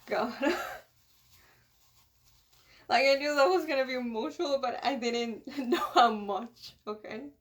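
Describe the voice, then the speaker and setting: Female reactor, emotional and exclaiming, slow-paced casual commentary. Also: high-pitched. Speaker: anime reactor.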